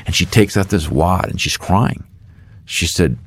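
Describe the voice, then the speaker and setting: Middle-aged guy telling a story, pitch jumping all over, dry sound. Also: measured pace, dry recording. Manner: animated storyteller acting out dialogue. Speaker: author and guest. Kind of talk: storytelling in a faith interview.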